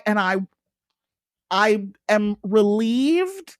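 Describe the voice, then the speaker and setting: A woman's voice: a little high, animated, slow, a bit bright, dry recording. A woman guest on a podcast, chatting casually with dry comic asides and frequent laughter. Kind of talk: casual chat.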